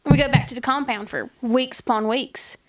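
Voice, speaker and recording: A woman's voice: high-pitched, a little fast. A woman guest telling her story in a playful, mock-innocent, dramatic way.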